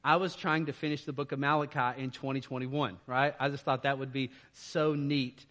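A man's voice: mid-range voice, fairly even intonation, normal speed, a bit bright. A man preaching a sermon in a casual, conversational way, often checking in with the listeners. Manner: casual, conversational preaching with frequent "right?" and laughs. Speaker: pastor.

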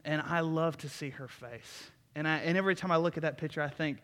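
A man's voice: a little high, brisk, few pauses, fairly bright tone, in a large hall. A young man preaching a sermon in an earnest, conversational way. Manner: earnest and conversational, with many restarts. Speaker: pastor. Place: church sanctuary.

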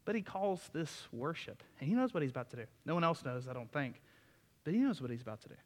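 A man's voice: fairly high pitch, sing-song, fast talker, big-room sound. A man preaching a sermon in a folksy, enthusiastic way, with asides to the congregation. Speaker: pastor.

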